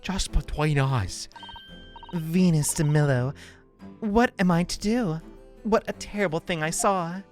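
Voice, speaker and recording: A man's voice: on the high side, unhurried, faint music behind, pitched above the performer's own voice, natural voice. A man voicing a jittery young woman witness with a Valley Girl-ish lilt in a game let's play. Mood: anxious. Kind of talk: game voice-acting.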